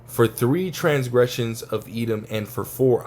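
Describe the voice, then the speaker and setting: A scripture teacher gives an informal religious lesson, talking casually and profanely and tagging his points with "right?" and "man." His mid-range, darkish voice moves at normal speed with few pauses, over slight background noise.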